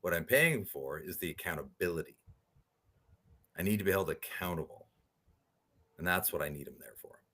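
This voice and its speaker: A man, a podcast guest, telling animated stories and often asking "right?" as he talks. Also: low-pitched, normal speed, long pauses. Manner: animated storyteller, rhetorical "right?" tags. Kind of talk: storytelling interview talk.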